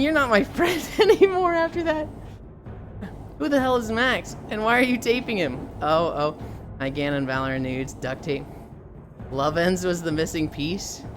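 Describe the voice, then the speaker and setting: A young woman streamer chatting casually with her viewers, telling stories animatedly and slipping into mocking impressions. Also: mid-range voice. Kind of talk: casual chat with chat readers.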